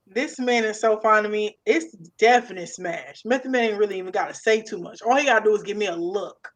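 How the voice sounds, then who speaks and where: A woman's voice: medium pitch, a little fast. A young adult woman co-hosting a casual chat, playful and slangy, with big laughs. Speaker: podcast co-host. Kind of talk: casual banter.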